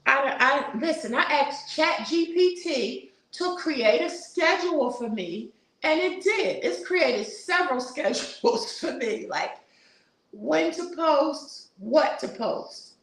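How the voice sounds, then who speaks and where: She's in her sixties, hosting a relaxed live stream where she talks with viewers, reads their comments and drops in churchy asides. Her high voice is expressive and a bit bright, and she speaks slowly. The room sound is noticeable and the audio is poor.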